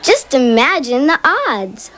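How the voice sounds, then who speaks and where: A woman's voice: high voice, sing-song, slow, faint music behind, full character voice, rough recording. A woman voicing a friendly, supportive schoolgirl in a cartoon, with a teasing manner. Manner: warm, teasing.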